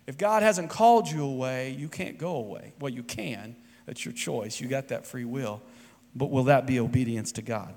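A man preaching a sermon, rising to loud emphatic peaks and dropping to quiet, soft asides. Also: medium pitch, moderate pace. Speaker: pastor. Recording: long hall reverb.

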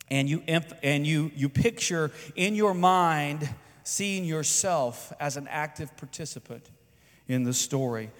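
A man, a pastor, preaching a conversational sermon and calling on the congregation to respond. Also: fairly high pitch. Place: church sanctuary. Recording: long reverb in a large hall.

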